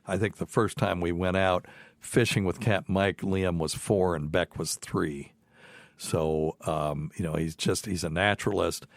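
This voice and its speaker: A man's voice: low voice, fairly even intonation, a little slow, gravelly, no room sound, clean studio sound. A middle-aged man from the mountains of North Carolina with a light Southern accent, hosting a podcast in a rambling, folksy way with many fillers and restarts. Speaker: podcast host. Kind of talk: casual chat.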